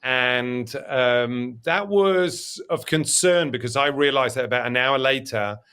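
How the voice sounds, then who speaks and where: A man's voice: mid-range voice, a little slow, clear, resonant tone. A man from England telling a comic anecdote as an interview guest and acting out the other people's lines. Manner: animated storyteller who acts out other people's lines.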